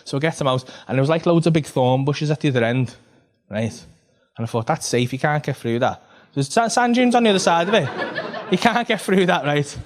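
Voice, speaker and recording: Sweary comedian telling a story. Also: male voice, on the high side, fairly quick. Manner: rambling, sweary, lively storytelling full of "right?" checks. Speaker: stand-up comedian. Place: comedy club stage.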